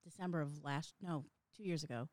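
A woman's voice: low voice, brisk, darkish tone, no room sound. A woman in casual chat as guest co-host, candid and wry, often laughing.

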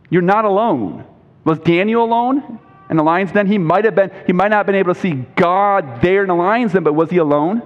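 A man's voice: sits high, brisk. A man preaching a sermon as a pastor, emphatic, quoting scripture with a rising voice and asking the congregation questions. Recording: dull lo-fi recording with long hall reverb.

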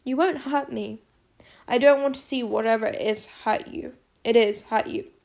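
Woman reading as a soft-spoken caring father. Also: on the high side, normal speed, gravelly. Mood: tender. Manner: soft, quiet and tender. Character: gentle, caring middle-aged father. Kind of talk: audiobook character voice.

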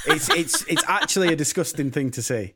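A man's voice: fairly high pitch, wildly swooping pitch, a little fast, background noise. A British man chatting casually as a co-host of a film review podcast, telling stories and swearing freely. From Britain.

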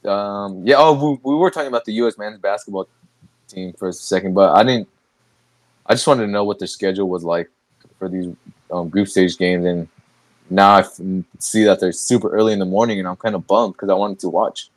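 A man's voice: lowish voice, fairly quick, no room sound. A young man hosting a podcast, chatting casually, rambling with restarts and laughing often. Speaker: podcast host. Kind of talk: casual chat.

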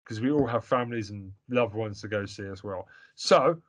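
A man's voice: lowish voice, moderate pace. A man hosting a casual podcast over a remote call, rambling and jokey and prone to fits of giggles. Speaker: podcast host. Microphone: remote call recording.

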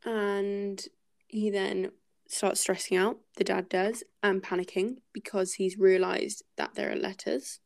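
A woman's voice: mid-range voice, gravelly, a little mellow. A woman hosting a casual book-club podcast, thinking aloud and hesitating with many fillers as she talks through a chapter.

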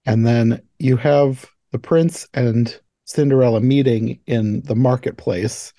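Mellow-voiced man in casual chat. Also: mid-range voice, slow, no echo. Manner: relaxed, laughs often, many fillers. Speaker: podcast host.

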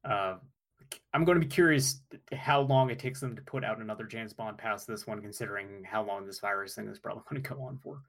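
A man's voice: lowish voice, brisk, a bit bright. A man on a podcast, chatting casually and giving opinions about movies. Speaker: podcast co-host.

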